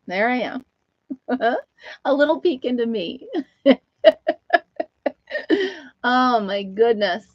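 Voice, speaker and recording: A woman's voice: a little high, expressive, slow pace, long pauses, a bit bright, no room sound. Middle-aged woman host, Upstate New York accent, laughs a lot, casual live chat with viewers, dry muffled home mic. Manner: chatty, laughs often, talks to her dog and viewers. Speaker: livestream host.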